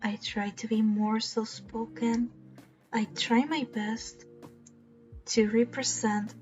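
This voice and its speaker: A woman chatting casually while streaming, self-deprecating and rambling. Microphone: cheap desk mic. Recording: dull low-quality mic with faint music. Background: faint background music.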